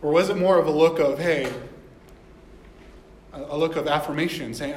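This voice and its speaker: Pastor guy reading scripture and chatting thru it, fairly high voice, echoey room, faint hum behind. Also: steady tone, normal speed. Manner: conversational, asks the listeners questions. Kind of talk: sermon reading and explaining scripture.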